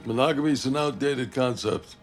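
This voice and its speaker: A man's voice: mid-range voice, fairly quick, lightly acted. Actor doing a snarky old guy mocking the tv, roomy sound, music in back. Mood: snide. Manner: dry, cutting remarks. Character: sarcastic old man mocking the TV. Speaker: film character. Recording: roomy film audio with music.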